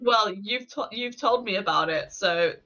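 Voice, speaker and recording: An enthusiastic guest from the north of England chats in a bubbly way, quick to cheer and react. The voice is bright and a little dull-sounding, with faint music behind it. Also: mid-range voice. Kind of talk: casual chat.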